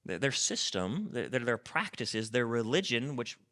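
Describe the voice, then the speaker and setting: A man's voice: medium pitch, very animated, normal speed, a bit bright. A man preaching a sermon as pastor, speaking conversationally, repeating words and asking rhetorical questions.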